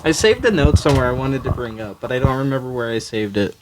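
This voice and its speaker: A man's voice: mid-range voice, fast, very noisy. A young man co-hosting a podcast, blunt with crude comebacks, nursing a lingering cough. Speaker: podcast co-host. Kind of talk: casual chat.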